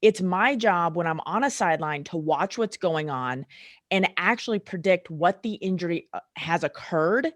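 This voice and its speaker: A middle-aged woman chiropractor, a guest on a casual podcast, telling sideline stories in an animated way and acting out the people in them. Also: on the low side, normal speed, dry recording, studio quality. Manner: animated storyteller who acts out the people she describes.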